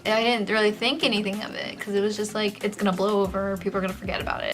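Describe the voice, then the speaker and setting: A young woman vlogger of Mexican heritage, telling a casual storytime in a chatty, animated way with lots of "like" fillers. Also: soft background music. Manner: chatty and animated, full of "like" fillers, with quick jumps in pitch.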